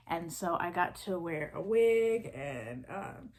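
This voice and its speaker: A woman's voice: lowish voice, animated, slow pace. A young woman with a Southern American accent talks casually to her viewers. She rambles in a chatty way, filling gaps with ums and likes and starting sentences over as thoughts come to her. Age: 20s. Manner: chatty, rambling, many fillers and restarts. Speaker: vlogger. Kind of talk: casual chat.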